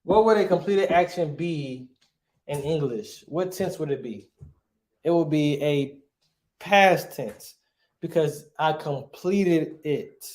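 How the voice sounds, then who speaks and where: A man's voice: fairly high pitch, slow, darkish tone, reverberant. A male teacher giving a grammar lesson, asking his class questions and answering them himself, often checking with "right?".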